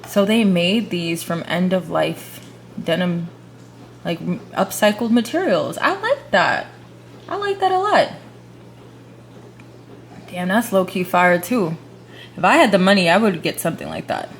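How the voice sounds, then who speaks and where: A young woman vlogging at home, chatting casually and slangily while shopping online, gasping and whispering when excited. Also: fairly low pitch. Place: room at home. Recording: echoey room with faint hum.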